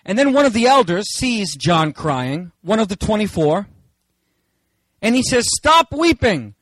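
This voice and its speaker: Animated, high-voiced male preacher. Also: a little slow, no room sound, low-quality recording. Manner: animated, dramatic, playful asides. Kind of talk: sermon.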